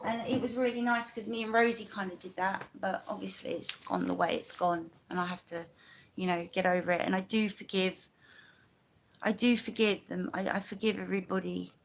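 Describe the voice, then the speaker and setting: A woman's voice: mid-range voice, level tone, moderate pace, creaky, noisy background. A woman from London with a London accent, talking in a rambling, chatty way on a casual live stream, full of asides.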